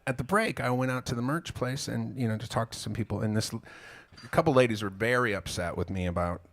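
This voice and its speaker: A man's voice: medium pitch, fairly quick, fairly bright tone. A man, a singer-songwriter, talking to a live audience between songs in a small club, telling a meandering, self-mocking story with casual swearing. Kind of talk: rambling stage banter between songs.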